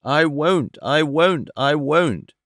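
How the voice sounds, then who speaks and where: A man voicing a passionate young woman servant who speaks in a low, thick voice, refusing vehemently in an audiobook reading. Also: lively intonation, slow, dry recording, clean studio sound, full character voice. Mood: defiant.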